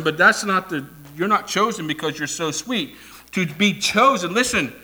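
A pastor preaches a sermon in a high-sitting voice, swinging between loud declarations and soft asides. He has the congregation repeat phrases back to him.

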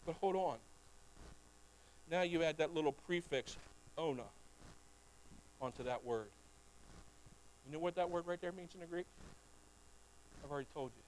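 A man preaching a sermon as pastor, talking straight to his congregation and swinging between low, quiet passages and loud, climbing ones. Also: normal speed, pauses often, slight background noise, rough recording. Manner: talks directly to the congregation.

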